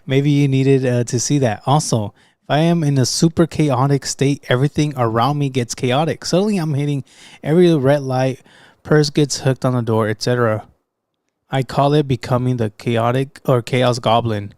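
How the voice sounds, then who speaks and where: A young man co-host jokes and teases in a relaxed, casual way. His voice sits at an ordinary pitch for a man. The sound is close and dry. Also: normal speed, no echo. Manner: joking, playful teasing. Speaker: podcast co-host. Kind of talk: casual chat.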